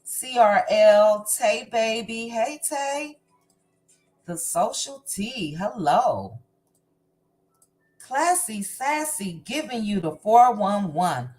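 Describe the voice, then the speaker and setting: A woman's voice: on the high side, animated, takes it slowly, a little mellow, faint music behind. A woman hosting a casual livestream, reading out and greeting viewers from the chat by name before chatting about the week. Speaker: livestream host.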